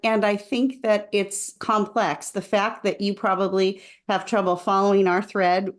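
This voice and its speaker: A woman's voice: mid-range voice, level tone, a little slow. A woman co-hosting a podcast, talking in a casual, thoughtful and advising way. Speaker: podcast co-host. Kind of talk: casual conversational podcast talk.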